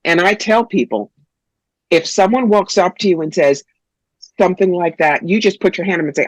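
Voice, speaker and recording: Blunt, lively woman from New York with a dry close sound, for a guest spot. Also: lowish voice, normal speed, dry recording, poor audio. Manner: blunt, animated, funny storyteller. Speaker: psychic, guest. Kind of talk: interview, storytelling.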